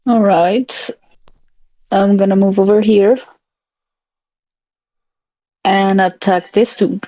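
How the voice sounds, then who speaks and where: A woman's voice: mid-range voice, fairly even intonation, slow pace, dark tone, dry recording, low-quality recording. A woman playing a tabletop game, talking casually in an upbeat, direct way. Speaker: player. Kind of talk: casual chat.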